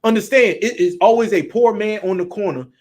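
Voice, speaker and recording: A man's voice: high-pitched, fairly quick, darkish tone. A man with a Southern US accent preaching bluntly and emphatically, with frequent profanity. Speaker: street preacher. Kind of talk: preaching talk.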